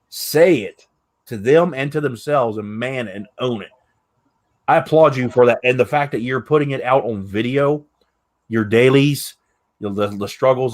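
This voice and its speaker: A man hosting a podcast, talking candidly and earnestly in casual chat, swearing now and then. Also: medium pitch. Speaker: podcast host.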